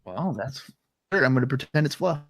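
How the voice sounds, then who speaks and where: A man with a mid-range voice and wide pitch swings co-hosts a podcast, recapping wrestling in casual chat at a fairly quick pace. He talks loosely, lets his sentences trail off, and his throat catches now and then.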